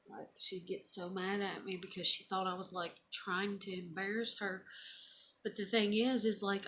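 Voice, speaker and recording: A woman's voice: on the low side, slight background noise. A woman in her thirties, a mother, casually chatting and reading her child's old letters aloud, rambling and emotional. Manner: rambling, soft-spoken, emotional. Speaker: vlogger, mother.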